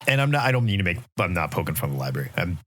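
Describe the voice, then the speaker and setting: A man's voice: deep voice, very fast, dry recording, studio quality. A man co-hosting a comics podcast, chatting casually and cracking jokes. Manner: wisecracking, animated, laughs often. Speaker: podcast co-host.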